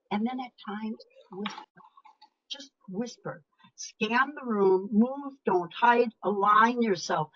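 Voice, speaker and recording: An older woman giving a webinar talk as a motivational speaker, emphatic and chatty. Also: a little high. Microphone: video call. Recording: lo-fi video call audio.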